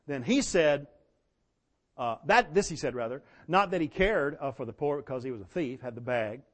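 Man preaching a sermon, folksy storyteller, fairly high voice, loud emphatic bursts. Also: lively intonation, moderate pace.

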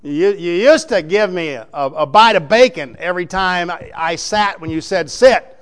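A petulant male dog grumbling about his lost treats, as a preacher puts him on. The voice is whiny and indignant, fairly high and smooth. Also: lively intonation, normal speed.

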